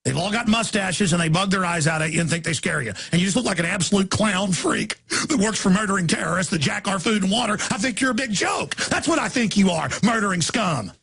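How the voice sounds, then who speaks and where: In a high, rasping, gravelly voice, a male talk show host rants angrily about politics at a brisk pace. He repeats himself and breaks out in shouts.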